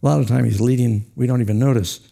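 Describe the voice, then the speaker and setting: A man's voice: medium pitch, steady tone, fast, gravelly, dark tone. A man preaching a sermon, telling stories with acted quotes and chuckles. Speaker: pastor.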